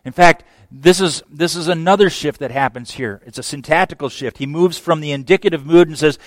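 A man preaching a sermon as pastor, emphatic, swinging from hushed phrases to loud exclamations. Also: on the high side, brisk, hardly any pauses, no echo.

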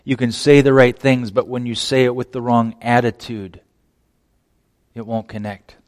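A man preaching a sermon as pastor, animated, acting out quoted voices and dropping to near-whispers at the ends of phrases. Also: medium pitch, normal speed. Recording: long reverb of a large hall.

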